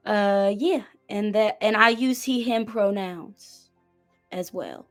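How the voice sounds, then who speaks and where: A woman who plays in a tabletop game, speaking hesitantly and softly about her character. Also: mid-range voice, slow, faint music behind. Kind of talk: describing a character in play.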